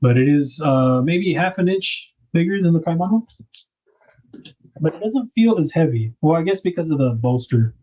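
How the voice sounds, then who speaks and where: A man's voice: on the high side, animated, moderate pace, mellow, poor audio. A man hosting a knife livestream, chatting casually and rambling as he unboxes gear. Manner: laid-back, rambling, thinks aloud with fillers.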